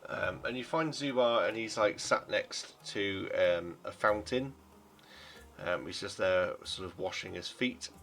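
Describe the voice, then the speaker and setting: Slow, low-voiced game master. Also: male voice, a little hiss or hum. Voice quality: relaxed, rambling, lots of fillers. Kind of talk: narrating a tabletop game.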